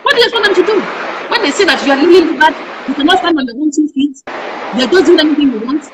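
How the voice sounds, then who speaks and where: A woman's voice: sits high, lively intonation, quick pace, heavy background noise. A middle-aged Nigerian woman, a parenting educator, speaking passionately in an interview and firing off emphatic rhetorical questions. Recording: echoey room.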